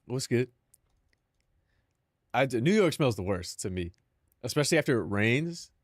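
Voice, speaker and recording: A man's voice: medium pitch, very animated, normal speed, no room sound, clean studio sound. A young man chatting casually on a live stream, joking and mock-dramatic with lots of filler words.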